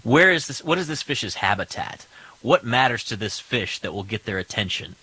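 A man hosting a radio talk show, asking his guest questions in a relaxed way full of fillers. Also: mid-range voice, moderate pace, slight background noise, poor audio. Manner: relaxed, thinks aloud with fillers. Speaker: host. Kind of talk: conversational radio interview.

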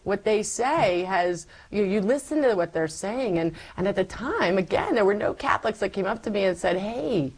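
A woman as an interview guest, giving a personal faith testimony as a lively storyteller who acts out her past self. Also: medium pitch, normal speed, hardly any pauses, rough recording.

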